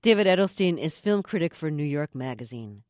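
Low-voiced woman reading a radio outro. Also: very animated, brisk, a little mellow, no room sound, clean studio sound. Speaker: radio host.

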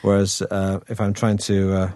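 Man, middle-aged, northern English accent, low voice, wry chatty interview talk, dry close sound. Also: completely flat delivery, normal speed, darkish tone, no echo. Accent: northern English, softened toward received pronunciation. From Manchester, England. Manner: chatty and wry, with frequent fillers and restarts. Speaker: actor guest. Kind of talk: relaxed conversational interview.

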